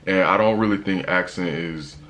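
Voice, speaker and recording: Deep-voiced American man vlogging. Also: moderate pace, fairly bright tone. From United States. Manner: casual, conversational, slangy and emphatic. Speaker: travel vlogger. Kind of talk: casual chat to camera.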